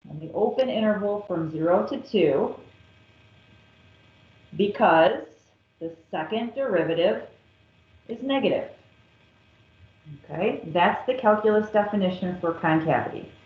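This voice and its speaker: A woman's voice: medium pitch, expressive. A woman math teacher working through a calculus problem step by step, patient and methodical. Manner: slow, patient, step-by-step explaining. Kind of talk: recorded calculus lesson. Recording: echoey, dull lo-fi classroom recording.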